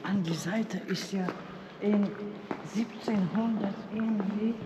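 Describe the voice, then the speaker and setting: A woman's voice: mid-range voice, slow pace, noisy background. Chatty woman in an echoey church. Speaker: church worker. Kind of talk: casual conversation. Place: large church interior. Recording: echoey church hall, muffled.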